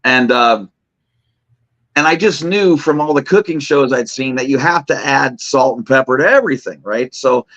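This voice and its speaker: A man's voice: mid-range voice, moderate pace, fairly bright tone. Rambling middle-aged man, lo-fi audio. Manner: rambling, laughing, many restarts and fillers. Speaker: co-host. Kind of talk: casual chat, storytelling. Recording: dull lo-fi remote audio.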